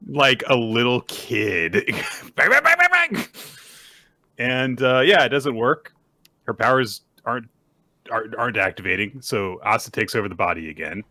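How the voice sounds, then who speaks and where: A man with a bright, forward voice recaps a story for his co-host in casual chat, leaping into little acted-out quotes along the way. The sound is dry and close, with no room around it. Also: medium pitch, normal speed, dry recording. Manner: animated storyteller, acts out quotes in bursts. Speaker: podcast co-host.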